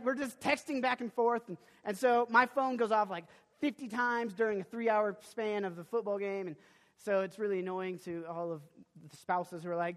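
Preaching from the pulpit, a young male pastor shares a personal story at a slightly fast clip, his high voice echoing with the long reverb of a big hall. He is animated, tripping over restarts and erupting now and then into loud bursts.

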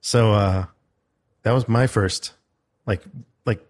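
A man's voice: fairly low pitch, fairly even intonation, slow. A young man in casual chat, telling a story about a seminar he went to. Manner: storytelling, quoting a loud instructor in his telling.

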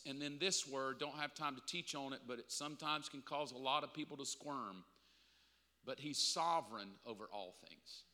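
A man preaching a Bible lesson to a room, talking conversationally and breaking into loud emphatic bursts between quiet asides. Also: fairly high pitch, big-room sound. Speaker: pastor teaching a Bible lesson. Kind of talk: sermon.

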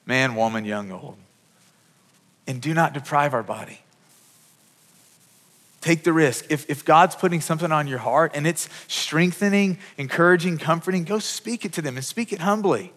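A man's voice: fairly high pitch, animated, moderate pace, fairly bright tone, big-room sound. A man in his thirties preaching a sermon as pastor, earnest, often repeating words as he goes. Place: church hall.

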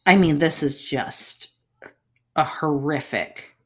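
A woman co-hosting a casual podcast chat, animated, laughing and swearing as she talks. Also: low voice, takes it slowly, slightly rough. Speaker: podcast co-host.

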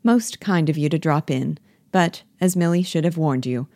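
A woman reading the part of a prim, complacent schoolmaster who speaks gently and formally. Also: low voice, moderate pace, dry recording, studio quality. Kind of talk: play reading.

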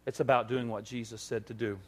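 Man, pastor, sermon delivery; animated storyteller who acts out dialogue; mid-range voice. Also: mid-range voice, a little fast. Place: church service.

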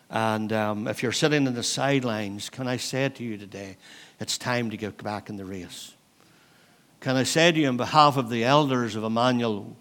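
Earnest man in his sixties preaching. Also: medium pitch. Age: 60s. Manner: earnest, exhortative, with thoughtful pauses. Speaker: pastor. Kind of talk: sermon. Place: church.

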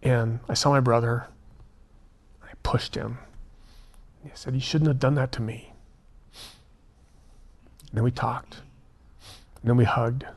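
A man, a prison minister and guest, telling a story in an earnest, animated way and acting out the dialogue. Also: mid-range voice, unhurried, pauses often. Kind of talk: conversational storytelling.

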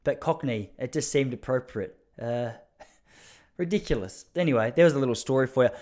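A man's voice: medium pitch, animated, brisk, darkish tone. A man hosting a casual solo podcast, rambling and self-mocking, laughing at his own jokes. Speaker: podcast host.

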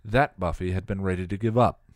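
Deep-voiced man narrating a story. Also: brisk, dry recording, clean studio sound. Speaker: story reader. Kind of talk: narrating fan fiction.

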